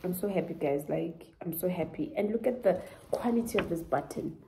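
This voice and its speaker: A woman's voice: on the low side, a little fast, gravelly, background noise. A South African woman vlogger chatting through a clothing try-on haul, dramatic and gushing, often laughing. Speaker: fashion vlogger. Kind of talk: casual try-on haul chat.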